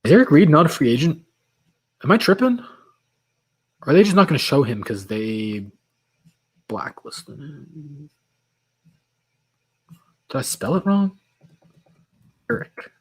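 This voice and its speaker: A man's voice: fairly high pitch, big pitch swings, normal speed, long pauses, a little mellow, slightly rough. A man hosting a late-night livestream, chatting casually with viewers and reading their comments aloud while his voice is getting worn. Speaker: livestream host.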